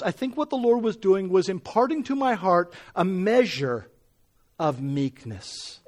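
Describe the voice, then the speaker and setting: A man's voice: sits high, expressive, a little slow, darkish tone. A middle-aged man preaching, telling a personal story and building to emphatic scripture reading. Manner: earnest, rising to emphatic when reading scripture.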